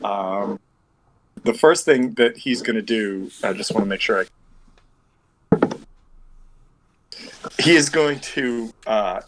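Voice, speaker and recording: A man's voice: fairly low pitch, lively intonation, slow, pauses often, noisy background. A man running a tabletop game as game master over an online call, rambling and thinking aloud as he works out dice math.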